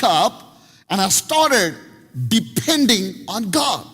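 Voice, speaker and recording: Male pastor, high register, animated storyteller with restarts; sermon recorded in a reverberant hall over faint music. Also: normal speed.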